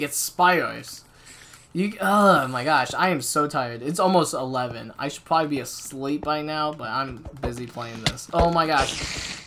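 Excitable woman yelling through a game. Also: very deep voice, normal speed, noisy background. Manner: excitable, talks to self, yells at the game. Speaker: gaming channel host. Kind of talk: let's-play commentary. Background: game music.

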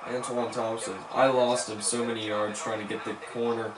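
A man giving live commentary on his football video game, excitedly cheering on and scolding his players as he plays. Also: lowish voice, fairly quick, hardly any pauses. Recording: echoey room with background noise.

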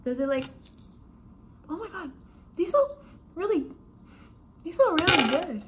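A woman's voice: very high voice, animated, a little slow, background noise. A woman vlogging casually at home, talking to her viewers in a frank, exclamatory, chatty way. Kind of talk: casual vlog talking to camera.

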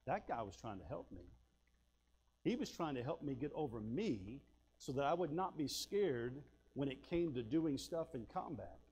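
A man preaching a sermon, telling folksy personal stories and swinging between loud bursts and hushed asides. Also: medium pitch, sing-song, normal speed. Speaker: pastor.

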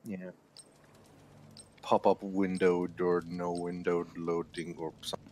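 A man's voice: sits low, little pitch movement, slow, a little mellow. A man chatting while gaming, explaining settings in a matter-of-fact way. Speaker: gamer on a group video call. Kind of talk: casual gaming banter.

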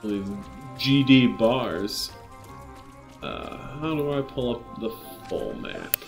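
A man's voice: mid-range voice, sing-song, slow pace, vocal fry, over music. A man hosting a video game playthrough, chatting casually with dry, self-mocking jokes. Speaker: gameplay host. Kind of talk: casual let's-play commentary.

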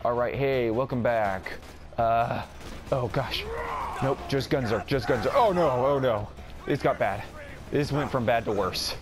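A man's voice: medium pitch, a little slow. A man giving casual gameplay commentary, rambling and mocking himself as he plays. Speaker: gaming video creator. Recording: game music underneath.

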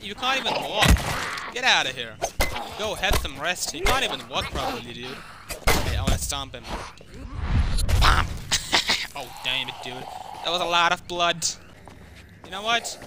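A young man giving loud, excitable gameplay commentary, swearing and trash-talking enemies. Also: fairly high pitch, moderate pace, pauses often, very noisy. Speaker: gamer. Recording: loud game music behind.

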